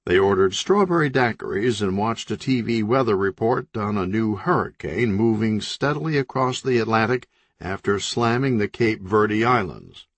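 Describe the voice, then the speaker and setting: A man with a low voice narrating an audiobook. His delivery is steady and deadpan. The recording is dry and close, with no room sound. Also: normal speed, no echo. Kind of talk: scripted narration.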